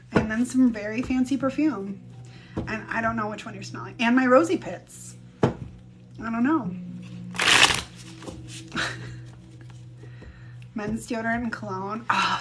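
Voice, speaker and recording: A woman in her thirties chatting casually on a live stream, telling stories with quoted voices and some swearing. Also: on the high side. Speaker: livestream host.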